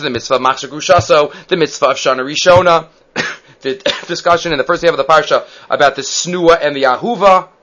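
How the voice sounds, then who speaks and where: Rabbi giving a Torah class, an animated storyteller with a high, bright voice. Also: male voice, poor audio. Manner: animated storyteller, acts out voices, mixes in Hebrew terms. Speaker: rabbi teaching the weekly Torah portion.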